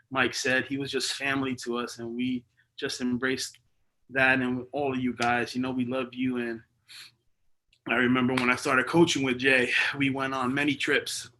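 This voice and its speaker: A man's voice: mid-range voice, poor audio. A man speaking at a memorial gathering, telling casual stories full of slang and fillers, laughing often and acting out the dialogue. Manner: animated, laughing storyteller who acts out dialogue. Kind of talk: spoken storytelling speech.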